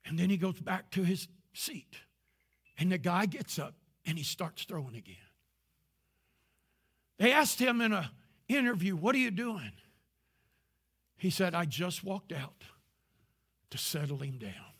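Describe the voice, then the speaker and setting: An older man preaching a sermon as pastor to a live congregation, his passion swelling into shouts. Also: high-pitched, very animated, measured pace, long pauses, husky. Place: church service before a live congregation.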